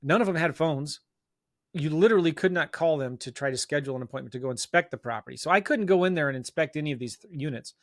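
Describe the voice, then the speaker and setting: A man, a guest on an interview show, telling a self-mocking story in an animated, casual way and acting out bits of dialogue. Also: a little high, quick pace, no echo, studio quality. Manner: loose talk full of fillers and restarts. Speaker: guest real estate investor.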